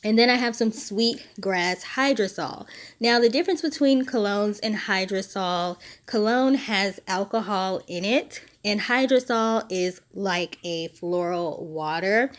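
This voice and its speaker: A woman at an everyday middle pitch walks through a homemade spiritual recipe, recorded on her phone. She sounds a bit winded yet stays relaxed and chatty, laughing softly now and then as she explains each step. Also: a little slow. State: short of breath. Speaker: spiritual DIY vlogger. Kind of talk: casual how-to voice-over.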